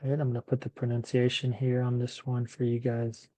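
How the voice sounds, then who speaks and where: A man teaching to Spanish speakers in a slow classroom lesson, patiently repeating each word and thinking aloud as he writes. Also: medium pitch, completely flat delivery, warm tone. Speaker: English teacher.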